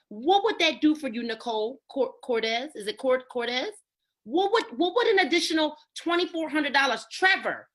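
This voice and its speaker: Woman, upbeat sales trainer on a video call, bright high voice, very animated, calls out names. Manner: emphatic, keeps asking "right?" and calling on listeners by name.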